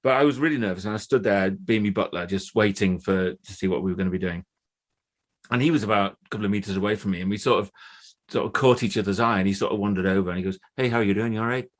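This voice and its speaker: A man in his fifties, a guest actor telling stories in a chatty, animated way on a casual podcast. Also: on the low side, fast talker. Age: 50s. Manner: chatty, animated storyteller with many restarts.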